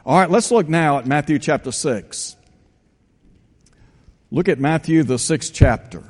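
A man preaching a sermon, reading scripture aloud and slowing down to stress the quoted verses. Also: on the high side, a little mellow, big-room sound.

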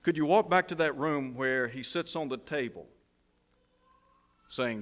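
A man preaching a dramatic sermon illustration, dropping to a hush at the tense moments. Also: medium pitch, unhurried, long pauses. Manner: dramatic, drops to a hush at emotional peaks. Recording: long hall reverb.

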